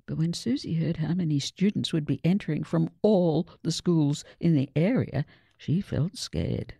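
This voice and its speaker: A woman reading a children's story aloud in a measured, expressive way. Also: sits low, creaky, breathy edge, dry recording, clean studio sound. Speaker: reader. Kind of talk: storybook narration.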